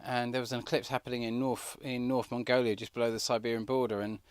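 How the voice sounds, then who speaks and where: An earnest man talks in a rambling way and often starts his sentences over. His voice sits at an ordinary middle pitch. The sound is dry and close. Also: level tone, fast, smooth, no room sound. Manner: earnest, rambling, many restarts. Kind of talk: rambling personal talk.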